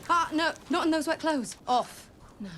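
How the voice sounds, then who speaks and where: A bold young woman who teases and gives orders in a TV drama scene. Her voice sits high, with faint hiss behind it, and she coaxes in a commanding way. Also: normal speed, fairly bright tone. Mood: teasing. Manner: coaxing, commanding. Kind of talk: TV drama dialogue.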